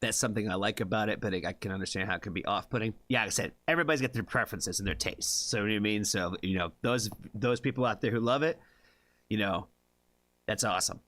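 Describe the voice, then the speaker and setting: A man's voice: fairly low pitch, quick pace, pushed and bright, no echo. A man from the United States hosting a music reaction stream, chatting casually with viewers in a rambling way with lots of fillers. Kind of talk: casual live-stream chat.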